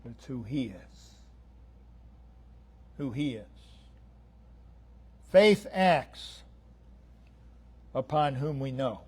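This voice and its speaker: A man preaching a sermon, emphatic and repetitive, swinging between loud declarations and hushed lines. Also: medium pitch, lively intonation, drawn-out words, long pauses, slightly rough. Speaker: pastor.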